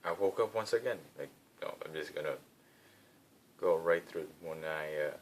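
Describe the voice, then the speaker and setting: A man's voice: deep voice, moderate pace, slight background noise. A young man vlogging into his phone, telling a rambling, filler-heavy story in a casual chat.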